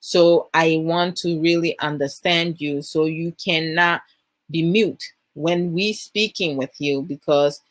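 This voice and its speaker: A Ghanaian woman with a lowish voice talks through a family story in a relaxed, rambling way, filling her sentences with "you know" and "I'm like". She jumps up in pitch when she acts out her own questions to her child. The sound is close and dry, with no room behind it. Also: takes it slowly, no room sound. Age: adult mother of a young child. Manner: chatty, many fillers like "you know" and "I'm like". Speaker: host sharing parenting advice. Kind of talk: casual storytelling monologue.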